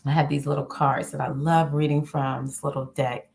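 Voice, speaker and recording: A woman with a low, deep speaking voice talks casually but earnestly, encouraging her listeners. She hosts an inspirational self-help monologue with a warm, conversational flow. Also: normal speed, creaky, slight background noise. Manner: earnest, encouraging, animated self-talk asides. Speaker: spiritual self-help host.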